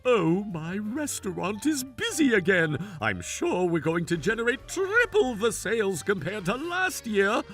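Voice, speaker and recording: A man's voice: sits high, big pitch swings, measured pace, hardly any pauses, a bit bright, soft background music, exaggerated voice. A man voicing an arrogant, mocking male chef who owns a restaurant, in a sneering, gloating, theatrical manner. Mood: smug. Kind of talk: animated story voice acting.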